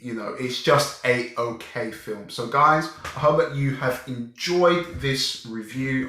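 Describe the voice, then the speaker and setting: Man, young adult, animated, exasperated, film review, mid pitch, heavy room echo. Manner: animated, exasperated, with many restarts. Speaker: movie reviewer. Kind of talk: casual spoken film review. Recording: very echoey room.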